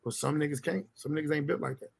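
A man co-hosting a casual comedy podcast chat, loud and profane, acting out little scenes. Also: on the high side, fairly even intonation, fast, vocal fry, husky. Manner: loud, profane, acts out scenes in funny voices. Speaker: podcast co-host.

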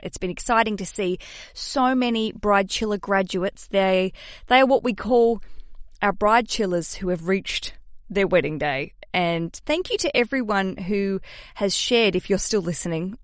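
An Australian woman in her thirties talks straight into the mic as a podcast host, chatty and self-mocking, with the odd casual swear. The sound is close and dry, with no room in it, and her pitch sits in a middle range. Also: lively intonation, normal speed, dry recording. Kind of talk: casual solo podcast chat.

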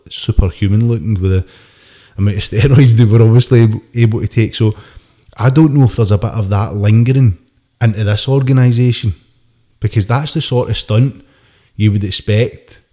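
A man, co-hosting a casual sports podcast chat, talking in an animated way and swearing casually. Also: on the low side. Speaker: podcast host.

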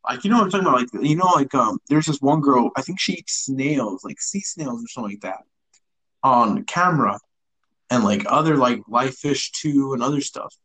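A young man in casual podcast chat who rambles, hesitates and restarts his thoughts. His voice has a slightly husky, breathy edge at a mid pitch. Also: lively intonation, normal speed, fairly bright tone, poor audio. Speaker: podcast co-host.

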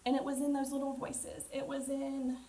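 High-voiced woman giving a testimony. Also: completely flat delivery, a little hiss or hum. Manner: halting, with frequent ums. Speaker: church member giving testimony. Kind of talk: personal testimony. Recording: distant voice over loud music.

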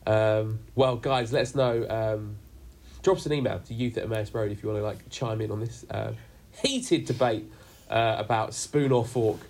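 Husky-voiced man leading chat. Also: fairly low pitch, normal speed, a little mellow. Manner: jokey, rambling with many fillers. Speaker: youth group leader. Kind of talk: casual group chat on a video call. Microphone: video call.

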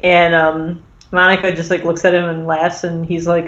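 A woman recaps a story in loose, rambling casual chat, stacking fillers and jumping into the characters' voices. Her voice sits a little low for a woman. She sounds like she's in a roomy space on a dull, lo-fi recording. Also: fairly even intonation, a little slow. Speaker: podcast host recapping an episode.

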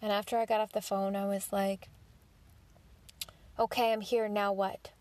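A woman's voice: mid-range voice, level tone, normal speed, darkish tone, no room sound. A woman hosting a podcast, telling a personal story in a candid monologue, swearing freely and acting out her own inner thoughts. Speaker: podcast host.

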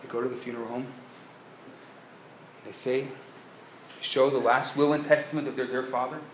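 A man, a rabbi, telling a story in a live lecture, swinging from hushed tones to loud bursts. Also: mid-range voice, fairly even intonation, normal speed, a little hiss or hum. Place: synagogue lecture hall, live audience. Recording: echoey live room with faint ambience.

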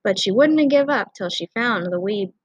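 A woman's voice: medium pitch, expressive, normal speed, slightly rough, dry recording, highs cut off. A woman voicing a stubborn, cheerful Scottish rescue man with a broad accent in an audiobook. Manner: grinning, broad dialect words. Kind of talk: audiobook character voice.

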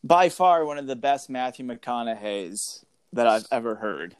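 A man's voice: lively intonation, measured pace, smooth, no room sound, studio quality. A man co-hosting a comedic podcast, reading a book aloud and riffing with jokes. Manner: jokey, breaks into high laughs and silly voices. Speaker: podcast co-host. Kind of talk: comedic read-along chat.

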